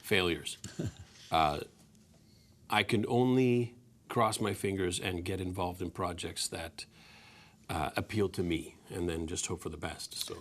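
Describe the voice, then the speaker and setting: A man's voice: deep voice, unhurried, long pauses, a bit bright. A man in his forties, a guest actor in an interview, easygoing with many restarts. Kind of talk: interview talk.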